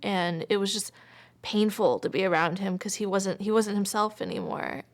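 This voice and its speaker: A woman's voice: mid-range voice, fairly even intonation, moderate pace. A woman in her twenties telling a personal story in an interview, chatty and full of filler words, sometimes dropping almost to a whisper. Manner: chatty, frequent filler "like", drops to near whisper.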